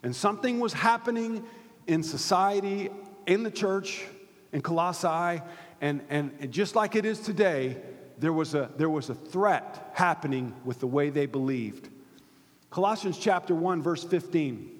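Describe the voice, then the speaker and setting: A man preaching a sermon as pastor, swinging from loud emphatic peaks to hushed near-whispers. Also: fairly high pitch, expressive, unhurried. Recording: hall reverb.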